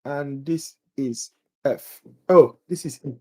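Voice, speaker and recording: A man's voice: mid-range voice, slow pace. A man runs a live exam-prep review for nursing students, reading questions and answer options aloud. He quizzes his viewers and jokes about his own accent.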